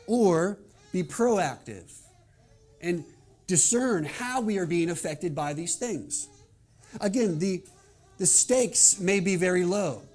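A male pastor delivering a sermon, opening with a quiet prayer and then speaking in an earnest, measured way. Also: high voice. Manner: earnest, measured preaching with soft prayerful passages.

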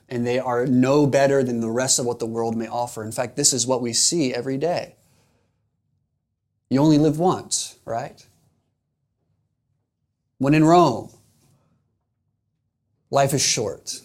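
A man's voice: mid-range voice, a little mellow. A man preaching a sermon in an earnest, emphatic way, repeating phrases for rhetorical weight.

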